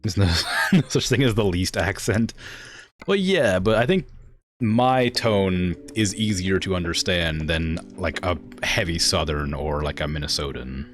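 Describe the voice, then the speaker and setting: Very deep-voiced man, relaxed slurry chat. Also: a little slow, faint music behind. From United States. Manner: relaxed, slurred, loose speech. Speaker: streamer. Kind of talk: casual livestream chat while gaming.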